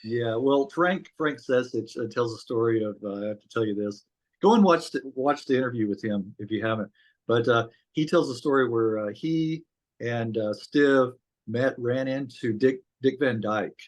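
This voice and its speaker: A man's voice: medium pitch, moderate pace. A man hosting a casual interview, retelling a story in a rambling way with frequent fillers.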